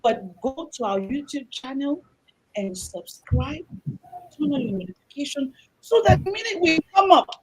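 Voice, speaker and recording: A woman hosting a talk show, speaking in an animated, exhortative way to her audience. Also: high voice, normal speed, rough recording. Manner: animated and exhortative, acting out quoted voices. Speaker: host.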